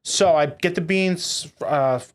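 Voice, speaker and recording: Animated young man telling stories. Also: on the high side, slow. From Boston, USA. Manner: animated, swears, acts out quotes. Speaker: company founder, guest. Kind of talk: casual storytelling interview.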